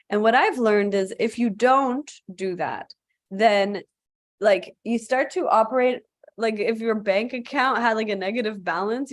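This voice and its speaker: A woman yoga teacher hosting a casual live-stream chat, talking in a loose, chatty way with lots of filler "like", heard over a video call. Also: mid-range voice.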